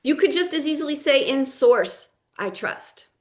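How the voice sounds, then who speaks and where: A woman life coach teaching a live session in a deliberate, emphatic way, stressing single words as she lays out spiritual ideas. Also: high-pitched, expressive.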